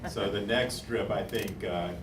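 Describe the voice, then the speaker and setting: A man's voice: fairly low pitch, measured pace, roomy sound, far from the mic, heavy background noise. A man interviewing an author on stage, asking questions with lots of hesitations. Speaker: newspaper editor interviewing the author. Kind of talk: onstage interview.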